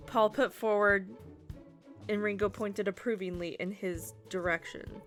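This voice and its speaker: A woman reading a comic story aloud to friends, giggling and slipping into quick character voices. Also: medium pitch, fairly even intonation, soft background music.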